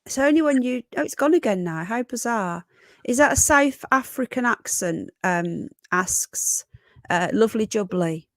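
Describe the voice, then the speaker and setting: A woman's voice: a little high, expressive, moderate pace, dry recording. A woman hosting a casual live stream, chatty and affectionate as she greets viewers one by one.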